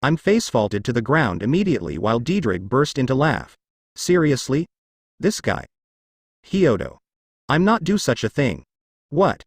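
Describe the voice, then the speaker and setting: Synthetic male narrator, bouncy pitch, dry close sound, reads odd text literally. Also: big pitch swings, moderate pace, slightly rough, no echo. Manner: reads spelled-out letters and punctuation literally. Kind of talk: text-to-speech fanfic reading.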